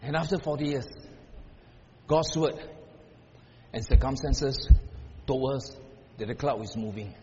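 An older man preaching a sermon as pastor, shifting from hushed passages to loud, emphatic repeated questions. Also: mid-range voice, a little slow, pauses often, slight background noise. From Singapore. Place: church hall. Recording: muffled sound in a reverberant hall.

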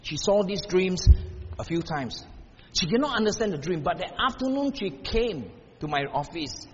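An older man preaching a sermon as pastor, shifting from hushed passages to loud, emphatic repeated questions. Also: high-pitched, animated, moderate pace, slightly rough. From Singapore. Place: church hall. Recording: muffled sound in a reverberant hall.

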